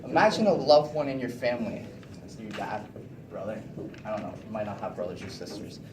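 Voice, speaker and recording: A teenage boy giving an animated class presentation, often checking in with the class with "okay?". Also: on the low side, a little fast, a crowd in the background. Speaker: student presenter. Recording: echoey room, distant mic, noisy.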